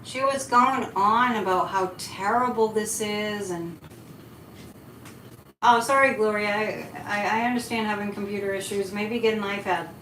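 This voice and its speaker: A woman's voice: mid-range voice, unhurried, a bit bright. A woman hosting a psychic live stream, chatting casually and animatedly, answering chat comments as she goes. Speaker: psychic livestream host. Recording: echoey room with faint noise.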